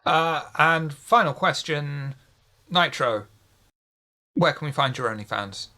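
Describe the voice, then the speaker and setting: A man's voice: on the high side, expressive, slow pace, bright, forceful tone. A man hosting a casual podcast, playful and chatty. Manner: playful, wrapping up the show. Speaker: podcast host.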